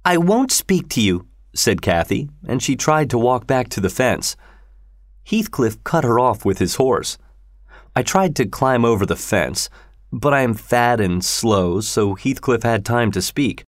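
A man narrating a story in a steady, measured way. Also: medium pitch, no echo, studio quality. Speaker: audiobook narrator.

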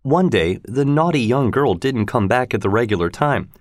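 Man narrator, measured storybook read, dry close sound. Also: mid-range voice, expressive, no echo. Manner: slow, measured reading.

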